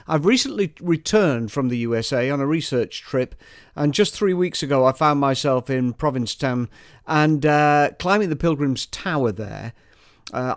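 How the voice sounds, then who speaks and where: A man's voice: medium pitch, no room sound, studio quality. A man reading his own poem aloud, with mock-formal, provocative commentary around it. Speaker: poet. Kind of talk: spoken-word poetry reading with commentary.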